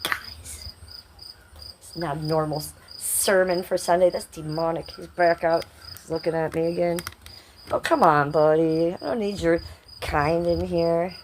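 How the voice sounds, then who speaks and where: A woman on a casual live stream from her home, rambling excitedly to her viewers and swearing freely. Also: lowish voice, measured pace, a little hiss or hum. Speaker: livestreamer. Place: at home by a window.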